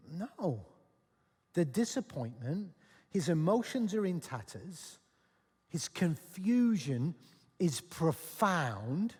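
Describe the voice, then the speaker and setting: Guy pastor giving a sermon, pretty high voice, animated, big echoey church hall. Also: slow, breathy edge. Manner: animated storytelling, acting out characters. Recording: long church-hall reverb.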